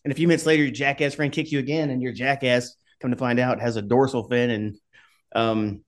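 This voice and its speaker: Fast-talking man telling war stories. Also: mid-range voice, fairly even intonation. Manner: fast, rambling, swears and laughs while telling stories. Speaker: podcast guest, former Army skydiver. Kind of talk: casual storytelling.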